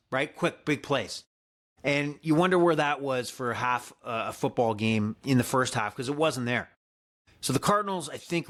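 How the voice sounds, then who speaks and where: A man talks through his weekly football bets in a loose, unscripted podcast style. His voice sits at an ordinary middle pitch, and he often stumbles, restarts and fills gaps with "uh" and "you know.". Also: a bit bright. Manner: rambling, frequent fillers and self-corrections. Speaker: sports betting podcast host. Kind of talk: casual sports betting talk.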